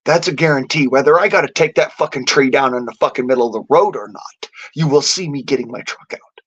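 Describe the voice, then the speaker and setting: A man's voice: medium pitch, a little fast, a bit bright, slightly rough. A man delivering a defiant, boastful rant to camera, swearing heavily. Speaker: vlogger. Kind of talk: profane angry rant. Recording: dull lo-fi audio.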